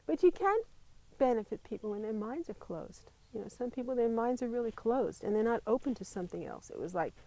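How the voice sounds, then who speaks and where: A woman, a Buddhist nun telling her life story in an interview, lively and laughing often. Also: a little high, fairly quick, rough recording. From United States. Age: 50s. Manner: animated storytelling, laughs often, mimics voices in quotes. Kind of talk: personal storytelling.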